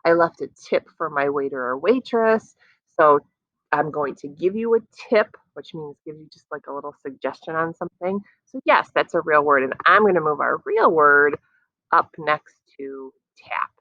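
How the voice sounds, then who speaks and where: Low-voiced teacher, slow and encouraging. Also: female voice, no echo, muffled recording. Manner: slow, drawn-out sounding of words, encouraging. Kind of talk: online phonics lesson for young children.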